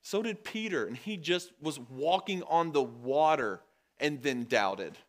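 A man preaching a sermon to his congregation in a conversational way, calling them guys and getting louder and higher when he drives a point home. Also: expressive, measured pace. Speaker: pastor. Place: church.

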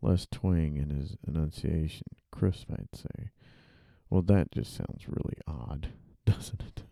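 A man, an author, thinks aloud while drafting and typing in a dark room, muttering, rereading and correcting himself. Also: very deep voice, takes it slowly, creaky, no echo.

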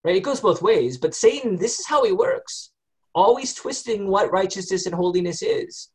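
A man's voice: high voice, lively intonation, normal speed, a little mellow, slightly rough. A man leading a group Bible study in a conversational way, often asking the group questions and using many fillers.

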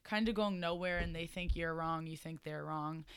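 A woman's voice: low voice, moderate pace, clear, resonant tone, no room sound. A young woman co-hosting a casual chat, laughing through her stories and giving friendly advice. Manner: laughing storyteller, casual and chatty.

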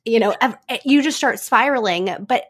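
A young woman hosting a casual chat, chiming in quickly and asking questions. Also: a little high, husky. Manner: quick agreeing responses. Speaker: host.

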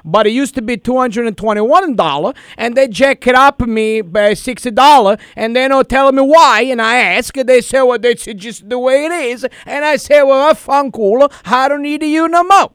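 A man's voice: extremely high pitch, moderate pace, few pauses, fairly bright tone, clear, resonant tone, no room sound, clean studio sound. A man doing a prank call in a put-on heavy Italian accent, rambling in broken English and mixing up his words.

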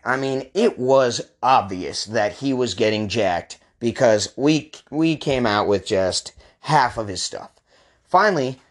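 A man in his thirties telling a comedic personal story in an animated, casual, slangy way. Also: mid-range voice.

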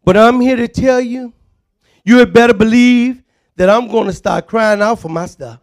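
A man preaching a fervent sermon, often shouting and calling on the congregation to respond. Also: extremely high pitch, normal speed.

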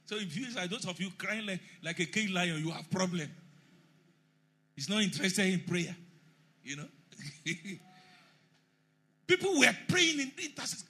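A man preaching a sermon emphatically, rising to shouts and leading the congregation in call and response. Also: high-pitched, husky.

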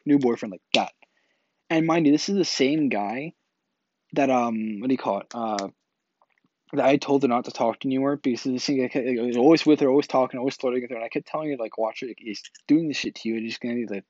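A man's voice: medium pitch, fast, a little mellow, no echo. A man casually telling a personal story, rambling with lots of filler words and restarts. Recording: dull, slightly lo-fi dry recording.

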